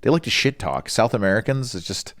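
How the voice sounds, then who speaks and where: Brief: podcast co-host, man, low and lively, rambling, swears freely. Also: a little fast. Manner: rambling and profane. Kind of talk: casual chat.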